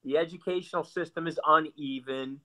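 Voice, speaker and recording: Blunt, sarcastic man with a bright voice. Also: on the high side, fairly even intonation, brisk, a little hiss or hum. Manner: blunt, sarcastic, repeats himself. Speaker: guest. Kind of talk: animated political talk.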